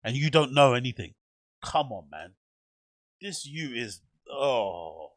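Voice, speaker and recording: A man's voice: mid-range voice, big pitch swings, takes it slowly, no room sound. Blunt, swearing man reacting. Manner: blunt, profane, incredulous ranting. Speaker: reaction video host. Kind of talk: casual reaction commentary.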